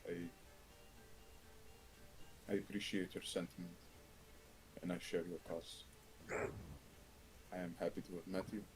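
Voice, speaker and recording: A man role-playing a character in a tabletop game, speaking in a polite, measured way. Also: deep voice, level tone, soft background music, poor audio. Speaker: player.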